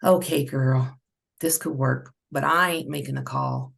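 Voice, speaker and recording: A woman voicing a blunt, slangy young woman coworker, with a gravelly edge. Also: very deep voice, a little slow, voice pushed down, full character voice. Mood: reluctant.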